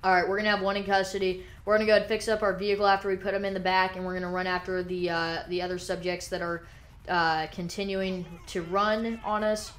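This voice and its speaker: A woman's voice: mid-range voice, fast talker. Woman narrating police role-play gameplay. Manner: relaxed chatty narration that breaks into barked police commands. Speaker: gameplay host role-playing a police officer.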